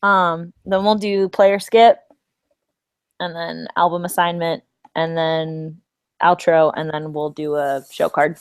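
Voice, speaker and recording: A woman's voice: low-pitched, level tone, smooth, no room sound. Giggly, sarcastic woman co-host. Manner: giggly, sarcastic, quick banter. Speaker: podcast co-host. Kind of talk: casual chat.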